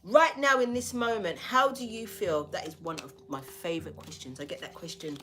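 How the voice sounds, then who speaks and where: A woman's voice: fairly low pitch, normal speed. A woman giving a spiritual tarot reading, talking bluntly and emphatically with a lot of swearing. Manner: blunt, profane, emphatic preaching.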